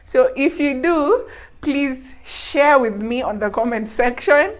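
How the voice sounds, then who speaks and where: A young Kenyan woman vlogger telling a story to camera in an animated, laughing way. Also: sits high, slow. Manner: animated, laughing, mixing in local words.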